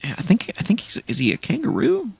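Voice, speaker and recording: Podcast co-host, male, low gravelly voice, animated and rambling, dry recording. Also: fast, dry recording, in a whisper. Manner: rambling, listing game releases with restarts. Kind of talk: casual chat.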